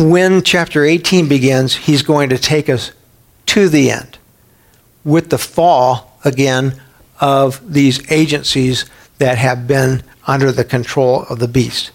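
A man's voice: mid-range voice, measured pace. A middle-aged man preaching a Bible teaching sermon in a conversational way, sometimes acting out quoted voices. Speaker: pastor.

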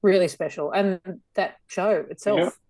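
Australian woman, 50s, lower register, animated chatty podcast guest, dry sound. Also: unhurried, no echo. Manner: animated, chatty with frequent laughter. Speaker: guest performer. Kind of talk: casual podcast conversation.

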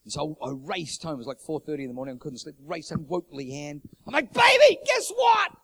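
A man's voice: fairly even intonation, fast. Fervent preacher man. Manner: swings from loud fervent preaching to hushed, low storytelling; repeats phrases for emphasis. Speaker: pastor. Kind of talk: sermon storytelling.

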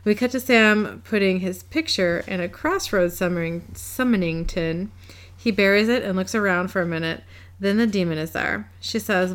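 A woman's voice: mid-range voice, moderate pace. A woman co-hosting a podcast, narrating an episode recap in a chatty, matter-of-fact way.

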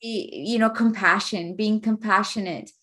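Woman, interviewer, measured, hesitant, conversational. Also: medium pitch, steady tone, a bit bright.

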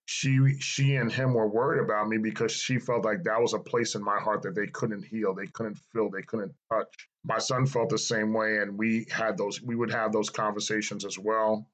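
A man's voice: on the low side, little pitch movement, normal speed, few pauses, a bit bright, low-quality recording. A middle-aged man giving an earnest, reflective personal testimony and repeating phrases for emphasis. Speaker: speaker sharing his life story.

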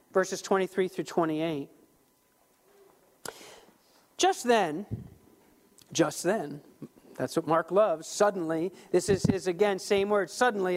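A man preaching a sermon as pastor, talking in an animated, emphatic way with frequent restarts. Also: high-pitched.

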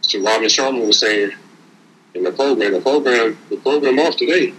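Bright-voiced, preachy streetwise man. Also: mid-range voice, normal speed, slight background noise, poor audio. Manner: streetwise, preachy, repeats words while building a point. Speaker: podcast co-host. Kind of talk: casual motivational talk.

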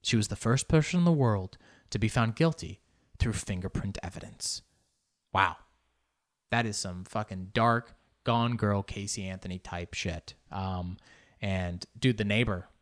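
A man hosting a casual solo podcast, talking in an animated, joking and profane way and slipping into Spanish words. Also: on the low side, a little slow. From Argentine family background. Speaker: podcast host.

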